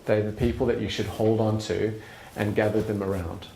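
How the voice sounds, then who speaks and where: A man's voice: lowish voice, steady tone, normal speed, gravelly, noisy background. Earnest man in a roomy venue. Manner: earnest and conversational, with restarts. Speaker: speaker. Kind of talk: live talk at an evening event. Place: function room at a bar. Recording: roomy live venue sound.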